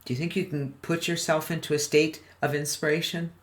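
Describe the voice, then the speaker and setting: A man's voice: a little high, little pitch movement, a little fast. A man presenting a motivational webinar in an upbeat way, often chuckling and putting questions to his audience. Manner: chuckles between points.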